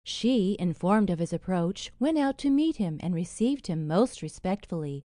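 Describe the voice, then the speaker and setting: Woman reading an old fairy tale, lively up-and-down voice, dry close sound. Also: fairly low pitch, moderate pace, no echo. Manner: expressive, reads quoted lines with feeling. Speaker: narrator. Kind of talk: storybook narration.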